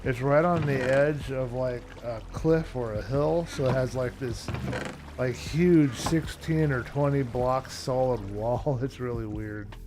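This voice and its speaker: A man chatting casually while streaming a game, low-key and rambling, tired and yawning often. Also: slow pace. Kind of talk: casual live-stream chat while playing. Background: background music.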